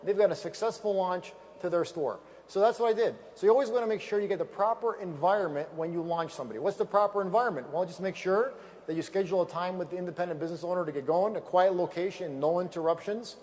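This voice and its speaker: A man giving an energetic motivational speech at a sales event, emphatic and repetitive, telling stories from a stage microphone. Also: sits high, quick pace.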